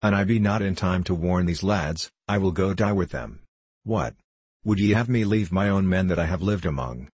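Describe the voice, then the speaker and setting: A man's voice: deep voice, moderate pace, darkish tone, slightly rough. A man reading the lines of an earnest, loyal young squire in a storybook. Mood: urgent. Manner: urgent and pleading.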